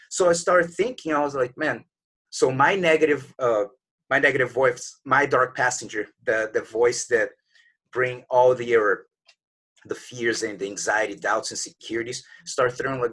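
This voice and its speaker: An earnest man in his forties talks as a podcast guest, with a husky, slightly breathy voice at an ordinary middle pitch. He tells a motivational story conversationally and slips into his own doubting inner voice to act it out. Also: moderate pace, a bit bright. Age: 40s.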